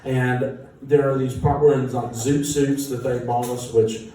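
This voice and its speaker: A band musician telling an animated, self-mocking story with frequent laughter. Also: male voice, mid-range voice, measured pace. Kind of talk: casual anecdote storytelling. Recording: echoey room, distant mic, noisy.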